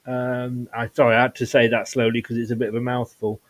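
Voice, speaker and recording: A man's voice: mid-range voice, flat delivery, brisk. A man hosting a football fan channel, chatting casually and rambling through restarts. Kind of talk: casual football podcast chat.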